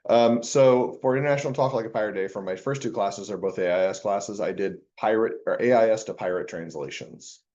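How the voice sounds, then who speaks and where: Man, lower voice, professor lecturing, joking chatty manner, muffled lo-fi recording. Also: brisk, hardly any pauses, a little mellow. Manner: joking, chatty, self-deprecating asides. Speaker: university accounting professor. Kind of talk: classroom lecture. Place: lecture classroom.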